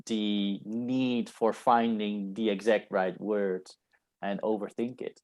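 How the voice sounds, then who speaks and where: A man's voice: on the low side, flat delivery, takes it slowly, a little mellow. A man speaking as a guest on a podcast in casual conversation, thoughtful and hesitant as he searches for the right words.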